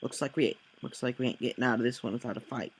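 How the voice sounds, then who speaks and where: A man voicing a fierce, greedy woman adventurer in a loud, rough put-on Australian accent. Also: medium pitch, steady tone, quick pace. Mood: tough.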